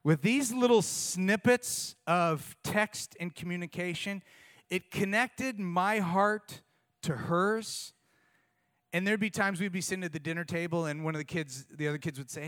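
A middle-aged man preaching a sermon, telling personal stories in an animated, self-mocking way. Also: high voice, normal speed. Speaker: pastor.

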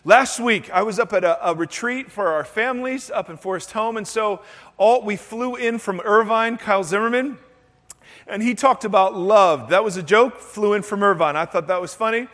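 A man's voice: high-pitched, normal speed, fairly bright tone, in a large hall. A male pastor giving a sermon to his congregation, breaking in with playful joking asides. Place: church sanctuary.

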